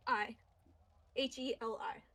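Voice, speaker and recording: Unhurried game master woman, higher voice. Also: fairly even intonation, a bit bright. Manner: hesitant, many fillers. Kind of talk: explaining lore in a tabletop game.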